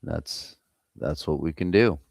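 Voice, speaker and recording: A man's voice: a bass voice, slow pace, gravelly, no room sound, clean studio sound. An American man hosting a live trading stream, chatting casually and swearing freely while reading the chat. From United States. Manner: loose, profane, chatting with viewers.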